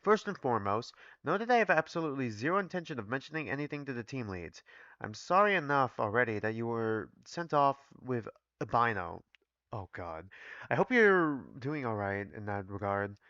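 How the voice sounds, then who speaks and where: A man reading aloud as an awkward, polite doctor offering gentle concern. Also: medium pitch, no echo, muffled recording. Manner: hesitant, polite, soft. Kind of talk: reading a visual novel aloud.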